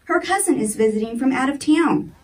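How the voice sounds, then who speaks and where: A woman voicing a gentle, comforting grandmother in a children's story, speaking softly and reassuringly. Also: high voice, expressive, fairly quick, recorded from a distance. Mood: tender. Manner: soft and reassuring.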